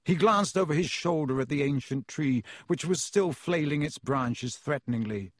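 A man reading a storybook aloud in measured, expressive scripted narration, with a husky voice. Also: a little high, dry recording, clean studio sound. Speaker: audiobook narrator.

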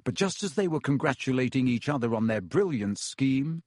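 Brief: male audiobook narrator, mid pitch, measured, dry close mic. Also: expressive, a little mellow, no room sound. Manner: measured storytelling. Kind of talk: scripted narration.

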